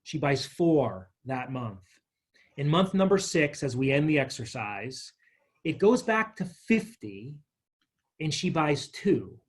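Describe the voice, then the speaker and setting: A man with a slightly husky, fairly high voice leads a money workshop. He talks in a lively, conversational way, walking through workbook examples and telling small stories to make each point. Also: takes it slowly. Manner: energetic, chatty, tells stories with acted quotes. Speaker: financial literacy workshop presenter.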